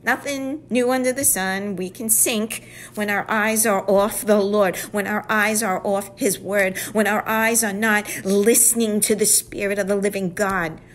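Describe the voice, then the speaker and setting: A woman's voice: mid-range voice, fairly even intonation, unhurried, a little hiss or hum. A woman giving a devotional Bible teaching. She speaks earnestly and often drops to a whisper for emphasis.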